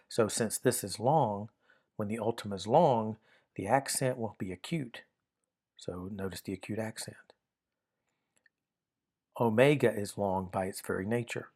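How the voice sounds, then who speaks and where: A man's voice: fairly low pitch, a little mellow. A man teaching a grammar lesson in a methodical, step-by-step way, often repeating and restarting phrases as he works through examples.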